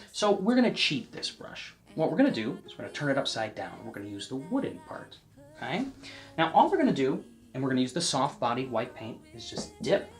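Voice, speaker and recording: A man giving a casual painting lesson, chatting to the viewer and often checking in, sometimes dropping to a soft near-whisper as he works. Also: medium pitch. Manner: drops to a soft near-whisper while working. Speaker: painting instructor.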